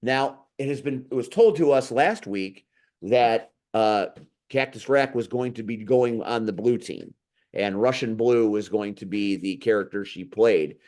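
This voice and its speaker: A man hosting a casual talk show, blunt and quick to swear when he gets heated. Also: on the low side, a little mellow. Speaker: podcast host. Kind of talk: casual chat.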